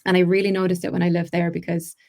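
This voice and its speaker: A woman with an Irish accent, an actress and accent coach, telling stories in a chatty podcast interview, quick and full of restarts. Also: on the low side, flat delivery, vocal fry, darkish tone. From Ireland.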